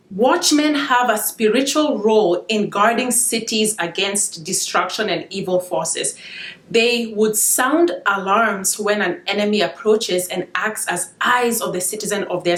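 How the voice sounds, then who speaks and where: A woman giving an informal devotional talk, speaking emotionally and haltingly as she holds back tears. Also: mid-range voice, fairly bright tone, roomy sound. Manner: emotional, halting, with restarts and asides. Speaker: Christian video blogger sharing dreams.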